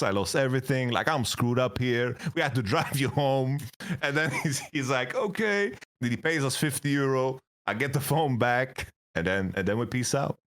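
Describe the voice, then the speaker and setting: A young man, an esports coach, telling stories in a casual interview, swearing, laughing often and acting out the voices of people he quotes. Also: mid-range voice.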